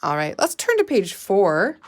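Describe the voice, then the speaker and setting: A woman teacher leads a guided reading lesson for young children with patient, deliberate prompts. She speaks at an unhurried pace, with a voice of ordinary middle pitch. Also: wildly swooping pitch.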